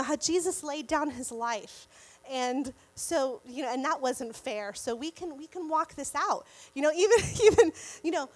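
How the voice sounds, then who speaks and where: A woman sharing a personal faith testimony in casual storytelling, animated and often laughing. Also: sits high. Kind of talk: casual Christian storytelling to viewers.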